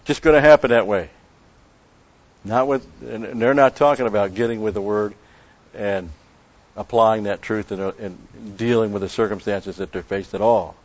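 A man teaching the Bible in an expository sermon, emphatic, repeating key phrases and slowing down on Greek words. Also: on the low side, fairly even intonation. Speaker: preacher. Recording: dull lo-fi recording.

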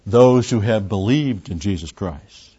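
A man preaching an expository sermon in a deliberate way, with pauses and emphatic rises, on a slightly muffled recording. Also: on the low side, lively intonation, warm tone, breathy edge. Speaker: pastor.

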